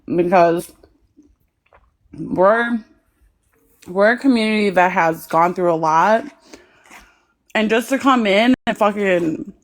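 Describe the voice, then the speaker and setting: Frank, foul-mouthed woman host. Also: mid-range voice. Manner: frank, swearing, bitter. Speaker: live stream host. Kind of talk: casual chat.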